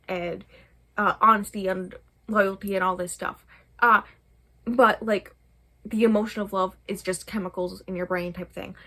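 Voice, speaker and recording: A woman's voice: mid-range voice, fairly bright tone. A young adult woman, a book vlogger, rambling casually through a book review with many fillers. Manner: rambling, chatty, many fillers, laughs often.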